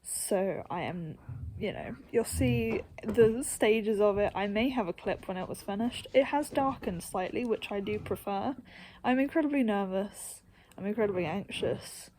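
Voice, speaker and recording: Young woman vlogging, kinda high voice, rambly and self-deprecating, laughs a lot, goes half-whispery. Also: a little mellow, slight background noise. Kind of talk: casual to-camera chat.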